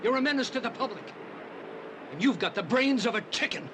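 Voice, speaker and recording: A hot-tempered, yelling driver. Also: male voice, extremely high pitch, expressive, fairly quick. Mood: angry. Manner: yelling, insulting. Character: rude hot-tempered male driver, loud bully. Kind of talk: dubbed film dialogue. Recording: dubbed film audio with noticeable background noise.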